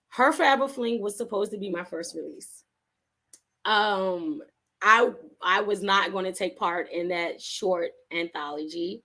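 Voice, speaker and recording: A woman author and interview guest, telling her story in a casual, animated way, acting out the voices of people she quotes and laughing often. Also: medium pitch, a little slow.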